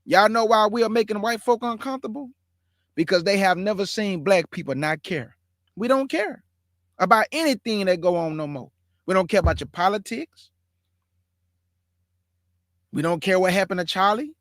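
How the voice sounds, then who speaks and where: A man's voice: high voice, expressive, normal speed, pauses often, fairly bright tone, no echo, clean studio sound. A man hosting his own show, giving heated, emphatic religious commentary that repeats its points. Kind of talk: impassioned preaching commentary.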